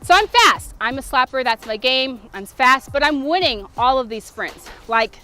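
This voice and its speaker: A woman in her thirties, a former softball player, telling a lively motivational story to camera. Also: high voice, moderate pace.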